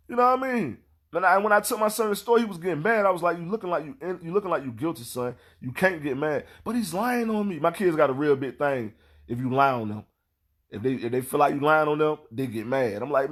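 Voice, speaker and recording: Profane guy in his 30s, aave, ranting a story about his kids, repeats himself, acts out quotes, voice kinda high for a man. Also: fairly quick, a bit bright. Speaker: father telling stories. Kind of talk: casual storytelling rant.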